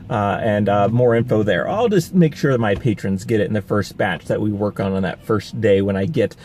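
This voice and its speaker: A man's voice: mid-range voice, dark tone, a little hiss or hum. A man chatting casually to camera while out on a rainy city street, rambling and upbeat and laughing often. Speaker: vlogger. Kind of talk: casual vlog chat. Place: outdoors on a city street in the rain.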